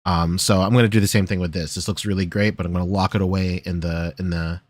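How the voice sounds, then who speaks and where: A man's voice: sits low, steady tone, fast. A man co-hosting a podcast in casual chat, laid-back and hesitant, with many fillers and restarts. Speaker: podcast co-host.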